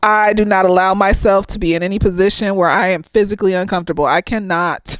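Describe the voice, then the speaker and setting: A woman therapist giving a casual, slightly tipsy movie review, animated and profane, laughing often. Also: medium pitch, fairly quick, hardly any pauses, no room sound.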